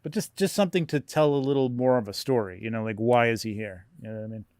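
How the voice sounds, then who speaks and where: A man co-hosting a hobby podcast, chatting in an animated way and laughing often. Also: medium pitch, fast, no room sound, studio quality. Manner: animated, laughs a lot, "you know what I mean". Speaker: toy photographer, podcast co-host. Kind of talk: casual chat.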